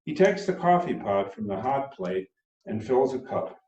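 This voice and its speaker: A man's voice: medium pitch, sing-song, normal speed, warm tone, a little hiss or hum. Man reading his novel aloud, from far off. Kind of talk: live reading of his own fiction. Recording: roomy, dull sound from far off.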